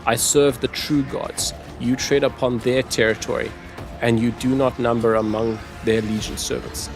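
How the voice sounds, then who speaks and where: A man voicing a menacing, haughty male renegade tech-priest lord, reading the lines aloud with a gravelly voice. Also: mid-range voice, level tone, moderate pace, music in the background, pitched below the performer's own voice, lightly acted. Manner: threatening, haughty, read aloud.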